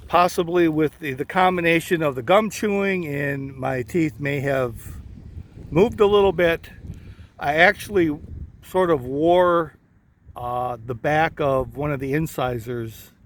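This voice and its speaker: A man vlogging casually, talking slowly and rambling with a slight lisp, from inside a vehicle. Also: fairly high pitch. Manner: slow, rambling, many uh fillers. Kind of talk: casual vlog talk.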